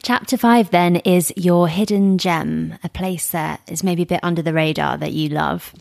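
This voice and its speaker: A woman host with a slightly low voice, steering the conversation through short questions. She keeps her guest talking with quick, encouraging prompts. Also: fairly even intonation, creaky, darkish tone. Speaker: interviewer, host. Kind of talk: casual interview.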